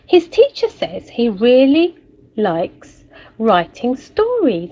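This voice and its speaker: A woman teacher reading a story aloud and leading a recorded lesson for young children in a gentle, expressive way. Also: sits high, highs cut off. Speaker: primary school teacher.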